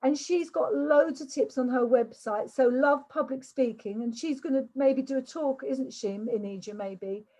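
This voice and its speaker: A woman's voice: sits high, normal speed, few pauses, dark tone, low-quality recording. An older woman from England giving a chatty online workshop talk over a video call, often repeating words and restarting. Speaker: workshop speaker.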